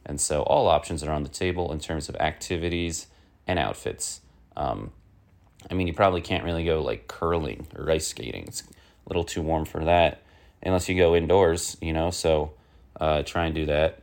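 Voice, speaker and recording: A man with a rumbling low, creaky voice and a darkish tone hosts a one-man comic news show at a moderate pace. His casual monologue rambles along, packed with fillers, and slides into irritable rants.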